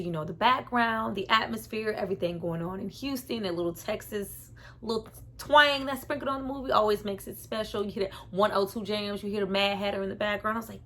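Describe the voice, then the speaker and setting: Woman film reviewer, casual vlog delivery, slangy and animated, mid pitch. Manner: animated, slangy, laughing between remarks.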